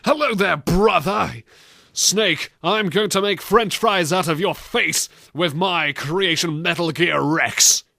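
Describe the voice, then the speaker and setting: A man's voice: high voice, takes it slowly, creaky, bright, forceful tone, no echo, studio quality, voice pushed up, exaggerated voice. A man putting on a hammy male villain who taunts his brother, then whines. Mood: mock villainous. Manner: mock-menacing, then whiny.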